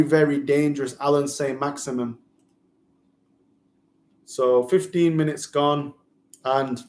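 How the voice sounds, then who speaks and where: A man's voice: a little high, echoey room. A man giving live, opinionated fan commentary on a football match for a watch-along stream.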